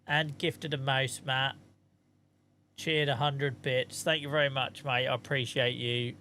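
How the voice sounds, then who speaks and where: A man's voice: medium pitch, little pitch movement, unhurried, pushed and bright, slight background noise. Chatty man streaming a game. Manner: chatty, thanks viewers, mutters asides to himself. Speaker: live streamer. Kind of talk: casual live-stream chat while gaming.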